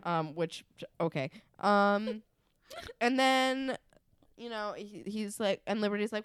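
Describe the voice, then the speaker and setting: A woman co-hosting a podcast, chatty and quick to laugh as she retells scenes. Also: mid-range voice, clear, resonant tone, no echo. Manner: chatty, laughs often, many fillers. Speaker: podcast co-host. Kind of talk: casual podcast chat.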